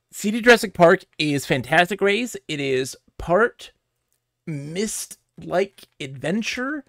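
A man streaming games live, chatting casually to his viewers in a giggly, rambling way. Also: on the high side.

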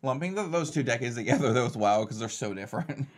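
A young man co-hosting a reaction channel, chatting casually and excitedly in quick bursts. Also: mid-range voice, faint music behind.

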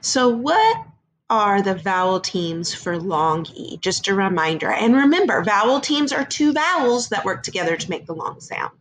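A woman teaching a first grade phonics lesson to young children, sounding out words slowly in a sing-song teacher voice. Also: medium pitch, big pitch swings, slight background noise.

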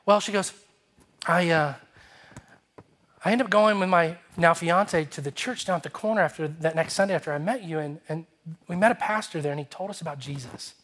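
Guy pastor preaching, kinda high voice, tells stories and does the voices. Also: a little fast. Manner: animated, acts out dialogue in his story. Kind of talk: sermon with storytelling. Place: church sanctuary.

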